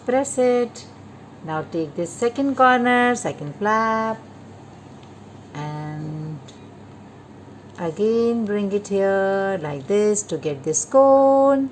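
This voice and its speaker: A woman calmly guiding children through a paper-folding craft step by step, repeating each instruction. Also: mid-range voice, extremely slow, slight background noise. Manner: patient, repetitive instructions to children. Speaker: craft teacher.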